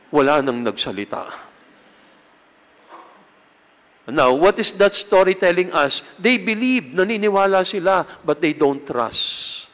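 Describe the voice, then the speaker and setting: A man's voice: on the high side, moderate pace, fairly bright tone. A man with a Filipino accent, a priest giving a homily and mixing Tagalog and English as he speaks directly to his congregation. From Philippines. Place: large church. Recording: long hall reverb.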